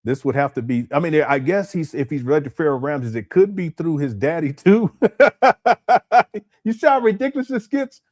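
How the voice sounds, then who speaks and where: A man's voice: fairly high pitch, expressive, normal speed, darkish tone. A man hosting a casual live stream at home, rambling and repeating his words as he talks to his chat. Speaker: commentary channel host. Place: hot home room.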